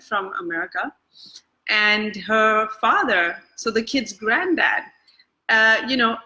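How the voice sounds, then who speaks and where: A woman's voice: medium pitch, pushed and bright, poor audio. A woman working as an energy-tapping coach, teaching in a casual, conversational way full of fillers and restarts. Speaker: EFT coach. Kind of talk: casual talk-to-camera teaching. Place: Bangkok.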